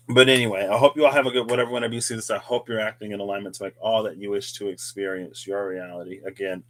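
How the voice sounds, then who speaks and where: Rambling, musing man with a lowish voice. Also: brisk, a bit bright. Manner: rambling, musing, chatty asides. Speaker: tarot reader, channel host. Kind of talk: casual reflective monologue.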